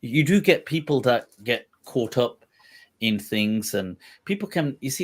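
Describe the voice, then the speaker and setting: A man's voice: mid-range voice, slightly rough. A man hosting a livestream discussion, thinking aloud in a meandering way, with many restarts. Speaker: Islamic scholar, livestream host.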